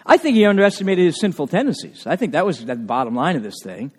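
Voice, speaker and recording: A male pastor preaching a sermon in a church, animated and emphatic, with frequent asides to the congregation. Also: on the high side, quick pace, slightly rough. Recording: long reverb of a large hall.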